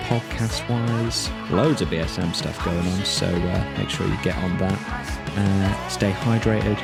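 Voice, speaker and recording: A man's voice: low-pitched, fairly even intonation, a little slow, vocal fry, over loud music. A man hosting a podcast, chatting in a laid-back, easygoing way over a video call. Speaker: podcast host. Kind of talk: casual interview chat.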